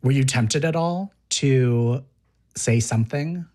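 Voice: mid-range voice, slow, warm tone. A curious interviewer with a mid-range voice asks follow-up questions. This speaker reacts often with brief, surprised interjections.

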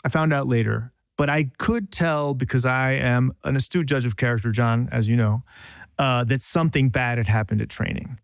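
A man's voice: medium pitch, fairly even intonation, normal speed, gravelly, no room sound, clean studio sound. A man, a journalist, telling a self-deprecating story on a podcast in a rambling, casual way with frequent restarts.

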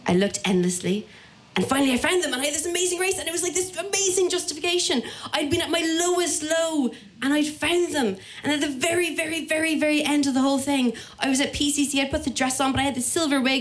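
Irish woman storyteller, lively, acts out the people she quotes, higher voice. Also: fast talker. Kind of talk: personal story told to an audience.

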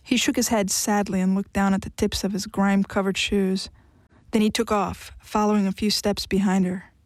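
A woman giving an audiobook narration in an even, measured storytelling manner. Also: mid-range voice, dry recording.

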